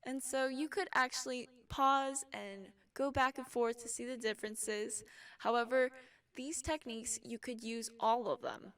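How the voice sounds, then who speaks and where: Slow-talking woman vocal coach. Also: on the high side, clear, resonant tone, distant mic. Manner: relaxed explaining, with sung demonstrations. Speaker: vocal instructor. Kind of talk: casual singing lesson.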